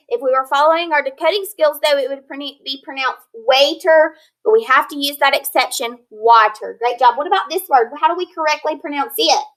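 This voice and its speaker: A woman teacher leading a phonics lesson, sounding out words slowly and clearly, patient and encouraging. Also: sits high, a bit bright, low-quality recording. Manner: slow, clear modeling of words.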